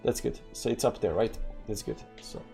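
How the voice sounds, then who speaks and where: A man's voice: lowish voice, moderate pace, vocal fry, mellow, faint music behind. A man from the former Yugoslavia with a Balkan accent, giving casual live crypto trading commentary in a rambling way, full of fillers and read-out numbers.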